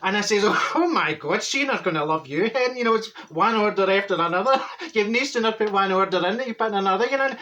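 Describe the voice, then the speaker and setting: A man's voice: high-pitched, lively intonation, quick pace, few pauses, sharp tone. A man playing a brash, straight-talking middle-aged Glaswegian woman who tells a rambling comic story full of mixed-up sayings. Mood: gossipy. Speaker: comic character monologue. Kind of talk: comedic character monologue.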